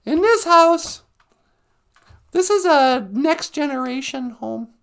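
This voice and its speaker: A man putting on a high, creaky, sing-song voice as a chatty trickster character who hosts a live stream, rambling and opinionated. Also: lively intonation, takes it slowly, fairly bright tone, heavily acted. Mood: gossipy. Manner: rambling, opinionated, mocks and laughs.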